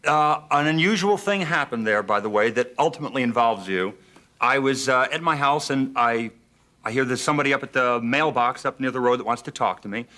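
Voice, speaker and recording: A man on a studio talk show with a bright, forceful voice at an ordinary pitch. He spins animated, rambling anecdotes, stacking fillers and restarts as he goes. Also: brisk. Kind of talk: casual anecdote telling. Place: television studio.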